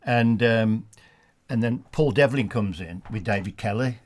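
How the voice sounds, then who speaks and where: A man with a Black Country accent, a retired football referee telling funny anecdotes in a relaxed studio chat. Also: on the low side, a little slow. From England. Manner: anecdotal, laughs at his own stories, many restarts. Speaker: studio guest, former referee. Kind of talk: storytelling in a casual chat.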